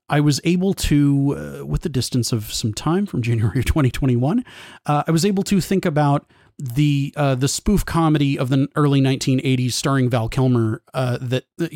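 A man's voice: medium pitch, darkish tone, no room sound. A man with a mid-range voice talks films in a casual discussion. He builds long winding analytical sentences, restarting as he goes. The recording is dry.

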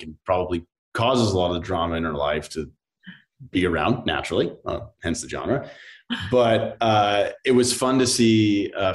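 A man in his thirties, an actor chatting as a podcast guest, rambling and animated with lots of fillers. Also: low voice. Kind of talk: casual interview chat.

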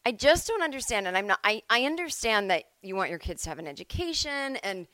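A woman's voice: mid-range voice, big pitch swings, fairly quick, sharp tone, no echo. A woman in her forties from Massachusetts, hosting a solo comedy podcast from home, rambling and self-deprecating with lots of "like" and "I don't know". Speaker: podcast host.

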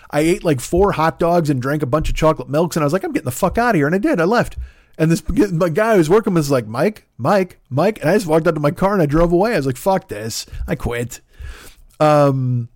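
A man's voice: fairly high pitch, dry recording, clean studio sound. A man hosting a podcast, telling a long story in a casual, rambling, profane way and mocking himself as he goes. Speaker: podcast host.

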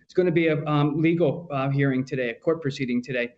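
A man's voice: medium pitch, fast, a little mellow, lo-fi sound. A man giving a casual rundown of legal news, easygoing and filler-heavy.

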